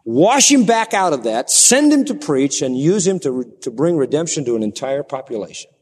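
Animated man preaching in a reverberant hall. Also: on the high side, normal speed, breathy edge. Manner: dramatic, animated, plays up the story for listeners. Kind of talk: sermon.

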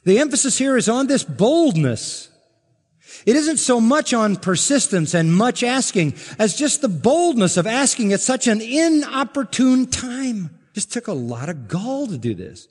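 Emphatic preacher with hall reverb. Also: male voice, sing-song, measured pace. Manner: emphatic, rising to loud exclaims and dropping low; asks the congregation questions. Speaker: pastor. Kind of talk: expository sermon.

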